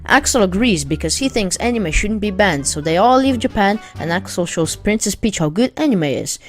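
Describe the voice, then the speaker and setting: A woman talking through a long plot recap at a middling pitch, in a steady, matter-of-fact tone. Soft music sits faintly underneath her voice. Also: moderate pace. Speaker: narrator summarizing a web series. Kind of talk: read-aloud plot summary.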